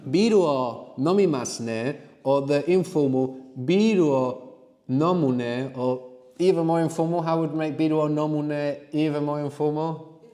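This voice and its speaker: A man leads a language class, prodding his students with questions and asking them to work things out aloud. His voice is mellow and relaxed, and the room around him rings with a long reverb. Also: a little high, normal speed. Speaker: language teacher. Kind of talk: live classroom teaching workshop.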